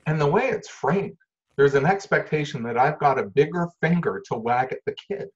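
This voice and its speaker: A man from Canada, a parenting expert explaining ideas in a lively way and acting out little scenes with changing voice and volume. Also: fairly high pitch, normal speed. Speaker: parenting expert, workshop leader. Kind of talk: animated storytelling explanation. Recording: dull lo-fi sound.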